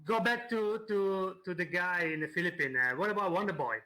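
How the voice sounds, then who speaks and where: Bright-voiced host, halting English. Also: male voice, sits high, rough recording. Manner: halting, many fillers, switches between languages. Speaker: host and translator. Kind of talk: live stream interview.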